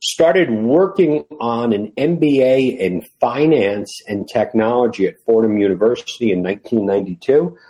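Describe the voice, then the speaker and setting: Wry, self-mocking middle-aged man, mellow voice. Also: mid-range voice, normal speed, hardly any pauses, low-quality recording. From New York City. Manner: self-deprecating, wry and boastful in turns. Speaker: guest, retired FBI employee. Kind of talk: casual interview storytelling.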